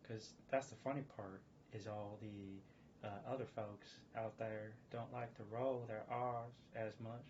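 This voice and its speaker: An American male streamer delivers a meandering, casual monologue, frequently correcting himself and chuckling. His pitch is fairly low, his intonation fairly even, and his pace moderate. The lo-fi recording sounds slightly dull, with background noise and faint ambience.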